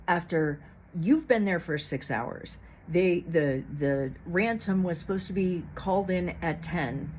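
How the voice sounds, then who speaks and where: A woman's voice: on the low side, darkish tone, slight background noise. A woman vlogger giving blunt, heated commentary to the camera, swearing often. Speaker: true crime vlogger. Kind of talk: casual opinionated commentary.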